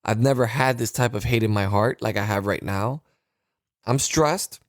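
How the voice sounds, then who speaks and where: A man's voice: on the low side, moderate pace, dry recording, studio quality. A man hosting a solo political commentary show, talking heatedly with many fillers and restarts.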